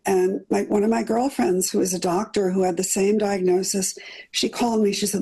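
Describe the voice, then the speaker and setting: A middle-aged woman recounts her own experience in an earnest, detailed way, often doubling words for weight. Her voice is mellow and slightly husky. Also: mid-range voice, steady tone, brisk, poor audio. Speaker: cancer survivor interviewee. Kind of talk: personal storytelling in an interview.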